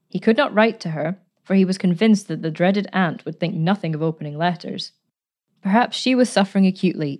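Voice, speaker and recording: A woman narrating a story in a measured, expressive reading voice. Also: on the low side. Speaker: audiobook narrator. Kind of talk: scripted narration.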